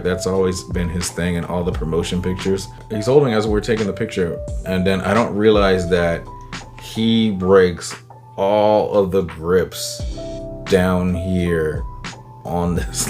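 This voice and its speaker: A man telling a personal story in a casual, animated way, acting out the people he quotes. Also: sits low. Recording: guitar music under the voice. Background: guitar music.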